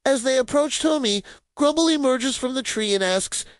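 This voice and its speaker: A woman narrating a cartoon story in an expressive storybook manner. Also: high voice, moderate pace, dry recording. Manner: expressive, animated.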